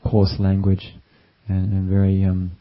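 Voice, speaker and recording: Low, monotone male meditation teacher. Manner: gentle, unhurried, with many fillers. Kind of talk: dharma talk. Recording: dull lo-fi recording.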